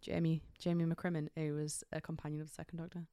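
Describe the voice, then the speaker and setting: Smooth-voiced woman co-hosting a podcast. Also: low-pitched, little pitch movement, fast, mellow, no room sound, studio quality. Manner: teasing, knowledgeable fan, laughs easily. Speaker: podcast co-host. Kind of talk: casual chat.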